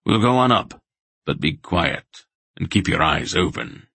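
A man voicing a cautious, gruff old man who leads the group, speaking low, terse and matter-of-fact. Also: animated, a little slow, sharp tone, dry recording, full character voice. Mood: quiet, grave.

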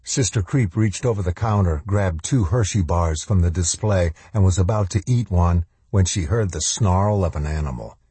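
A man reads a horror novel in a slow, measured, grave voice. His tone is deep and dark with a husky grain. It is recorded close on the mic in a dry, quiet space. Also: no echo. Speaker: audiobook narrator. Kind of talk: scripted horror narration.

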